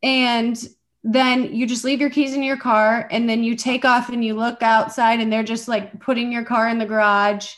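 A woman co-hosting a podcast, telling a story in a casual, animated way and acting out the quotes. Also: on the high side, normal speed. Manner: animated, laughing storyteller who acts out quotes. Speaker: podcast co-host.

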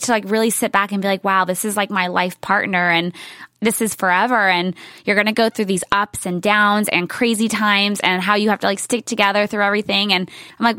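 A woman's voice: medium pitch, steady tone, a little fast, a bit bright, dry recording, studio quality. A woman in her thirties chatting as a podcast guest, telling a story with lots of "like"s. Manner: gushing, storytelling with many "like"s. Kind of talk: casual chat.

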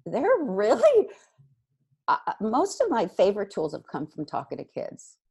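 A middle-aged woman, a guest expert, giving parenting advice in an energetic, emphatic conversational way. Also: medium pitch, vocal fry, breathy edge. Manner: energetic, emphatic, quick bursts of repetition.

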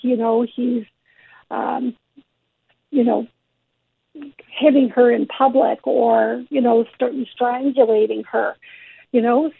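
A woman's voice: fairly high pitch, creaky, breathy edge, no room sound. A woman executive of a social services agency speaking as a guest on a radio show, earnest and emphatic. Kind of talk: radio phone interview. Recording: tinny phone line.

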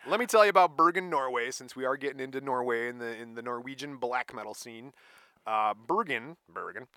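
A man's voice: mid-range voice, brisk, no echo, clean studio sound. A man co-hosting a podcast in playful casual chat, joking and teasing. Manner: playful, jokey, breaks into shouts and laughs. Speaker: podcast co-host.

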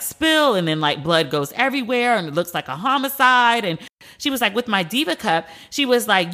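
A woman's voice: medium pitch, pushed and bright. An American woman hosting a podcast, chatting candidly and telling stories with slangy asides. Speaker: podcast host. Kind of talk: casual solo podcast chat.

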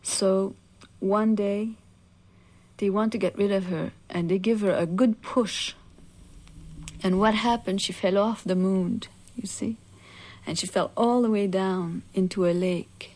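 A woman telling a traditional legend aloud in an unhurried, conversational way, often adding "you see" asides. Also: medium pitch, steady tone, a little mellow. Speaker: storyteller.

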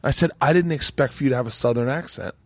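A man's voice: medium pitch, fast talker, dry recording. Profane man telling a story, dry sound. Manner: profane, storytelling with quoted voices. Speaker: podcast host. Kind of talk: casual chat.

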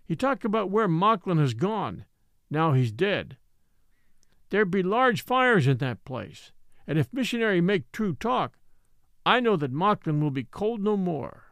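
A man voicing a patient old native man who tells his story slowly and solemnly in formal, old-fashioned speech. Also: sits high, very animated, fairly bright tone, no room sound, pitched above the performer's own voice, full character voice.

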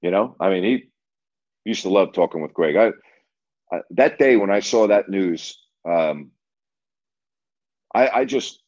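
An older man, a sportscaster hosting, telling stories casually, animated and laughing, repeating himself. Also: low voice, a little slow, pauses often. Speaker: sportscaster host. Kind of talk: casual storytelling to a live audience. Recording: dull lo-fi audio.

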